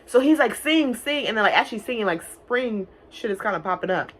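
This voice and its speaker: A young woman casually recapping an animated film, talking fast and loose with lots of filler words and swearing. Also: mid-range voice. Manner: chatty, profane, many "like" fillers; quick bursts of mock-singing and silly character voices. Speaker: movie reviewer.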